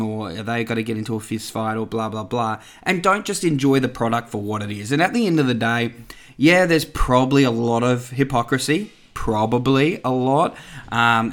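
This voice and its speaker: A man chatting casually as a podcast host, rambling through asides with lots of ums and restarts. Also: mid-range voice. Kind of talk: casual solo podcast talk.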